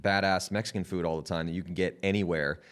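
Lively storytelling man, low voice. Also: fast talker. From San Diego, California. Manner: animated storyteller, laughs often, acts out quotes. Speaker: podcast host. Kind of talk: casual chat.

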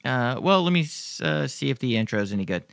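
Male podcast host, gravelly voice, dry close sound, swears freely while reading listener emails. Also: medium pitch, lively intonation, brisk, a bit bright, dry recording. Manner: profane, rambling, joking. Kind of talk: casual Q&A chat.

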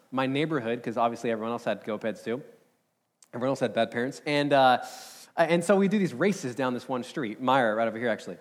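A man in his thirties preaching a sermon, telling a personal story in a casual, energetic way with lots of fillers. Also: medium pitch. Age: 30s. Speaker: pastor. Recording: long hall reverb.

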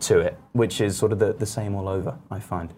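A man's voice: lowish voice, steady tone, a little fast, warm tone, husky. A man with an English accent, chatting playfully as a guest on a talk show. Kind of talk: casual chat with impressions.

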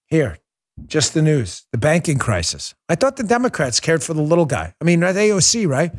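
Sarcastic high-voiced male talk host. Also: fairly quick. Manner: sarcastic, mocking, animated pitch swings. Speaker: political talk show host. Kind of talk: opinionated monologue.

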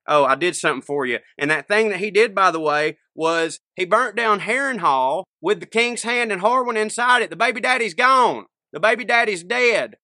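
A man recapping a TV episode in a folksy, jokey way and slipping into quick character voices. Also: high voice, sharp tone, no echo. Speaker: podcast co-host. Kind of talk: casual comedic recap.

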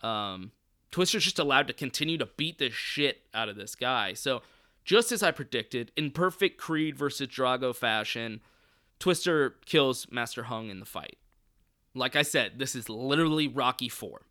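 A man runs through a film's plot in a loose, joking way, swearing freely and wandering into side remarks. His voice is bright and smooth. The sound is dry, with no room echo. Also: medium pitch, lively intonation, moderate pace. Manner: profane, joking, rambling asides. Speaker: movie reviewer. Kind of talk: casual film recap.

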